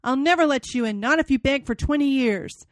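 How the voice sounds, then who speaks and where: A woman reading a frightened gentleman guest. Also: on the high side, sing-song, normal speed, no echo, clean studio sound. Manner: startled, fearful outbursts.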